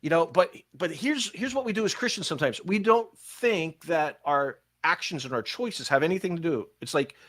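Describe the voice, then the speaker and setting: With fairly high pitch, an older man relates stories on a laid-back church podcast he hosts as a pastor, his speech coming in quick, animated bursts.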